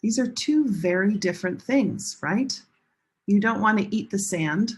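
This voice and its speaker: Husky woman teacher going slow, stretching out syllables to show where the stress falls. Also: mid-range voice, expressive, darkish tone. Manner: slow, deliberate, demonstrates stress with exaggerated syllables. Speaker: English pronunciation teacher. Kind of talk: classroom teaching.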